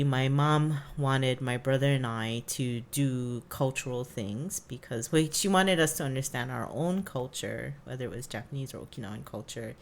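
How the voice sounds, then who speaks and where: Low-voiced chatty woman from Hawaii. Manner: chatty, lots of fillers. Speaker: podcast co-host. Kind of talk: casual storytelling.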